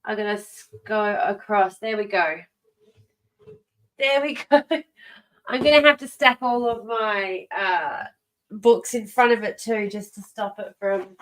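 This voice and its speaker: Bright-voiced woman, rambling livestream chat. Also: medium pitch, measured pace. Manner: rambling, self-interrupting, laughs often. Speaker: livestream host.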